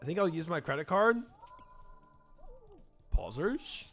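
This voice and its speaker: A man's voice: a little high, sing-song, a little slow, fairly bright tone, faint music behind. A man streaming a game, chatting casually with his chat and rambling, then trailing off into mumbled talk about the game. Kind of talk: casual gameplay chat reading chat.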